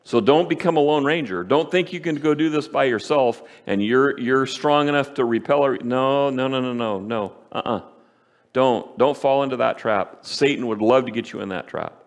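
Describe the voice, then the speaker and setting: A man preaching a sermon as pastor, emphatic, repeating key phrases and slowing down for stress. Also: mid-range voice. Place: church sanctuary. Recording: church hall with long reverb.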